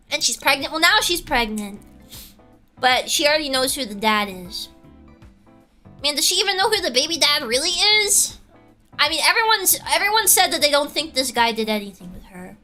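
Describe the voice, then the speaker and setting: A young woman with a high, bouncy voice that leaps all over the place, telling a gossipy story to her stream. Her tone is bright and sharp, and she laughs often between remarks. Soft music plays quietly behind her. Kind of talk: casual storytelling while reading chat.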